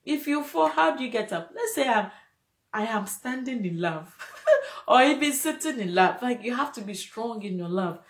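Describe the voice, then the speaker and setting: A woman's voice: on the high side, lively intonation, moderate pace. A woman hosting a casual live-stream talk, speaking emotionally and preachily and laughing often. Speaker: host. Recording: echoey room.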